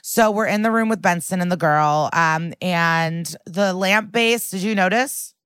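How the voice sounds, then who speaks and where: Woman podcast host, lowish voice, rambly recap w lots of likes, dry close sound. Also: a little slow, a bit bright, smooth, no echo. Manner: chatty, lots of "like" and "um", acts out quotes. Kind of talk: casual recap chat.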